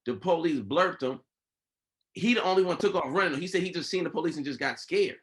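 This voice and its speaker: A man hosting a podcast in casual chat, telling a story with lively, acted-out quotes from the people in it. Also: fairly high pitch, brisk. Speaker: podcast host.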